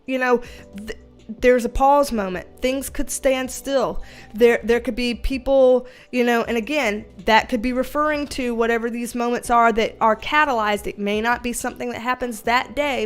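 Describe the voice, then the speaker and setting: A young adult woman giving a livestream tarot reading at home on a webcam, animated and casual, swearing freely. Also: fairly high pitch, normal speed, smooth, faint music behind. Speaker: tarot reader.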